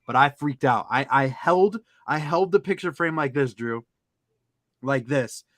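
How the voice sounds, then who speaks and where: Animated storytelling man, dry close sound. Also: a little slow, no room sound. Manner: animated, acts out other people's lines with sudden high-pitched outbursts. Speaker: podcast co-host. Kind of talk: casual storytelling chat.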